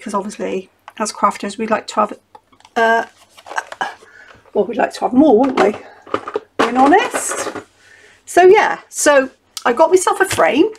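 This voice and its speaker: A woman's voice: mid-range voice, slight background noise. A middle-aged woman, chatting casually and rambling through a craft tutorial at her desk. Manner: chatty, rambling, self-interrupting. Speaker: craft vlogger.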